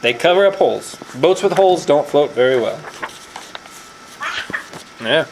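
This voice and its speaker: A woman's voice: low voice, unhurried, gravelly, pauses often, a little hiss or hum, low-quality recording. A young woman teacher reading a picture book aloud to a class of small children, stopping to quiz them on words. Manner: lively storyteller quizzing children on vocabulary. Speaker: teacher reading to first graders.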